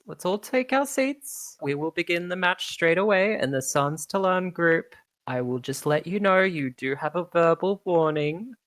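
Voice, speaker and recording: A woman voicing a pompous male tournament announcer who tries to calm a rowdy crowd. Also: lowish voice, moderate pace, no echo, voice pushed up, natural voice. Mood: stern. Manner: fussy, placating, announcer's flourish.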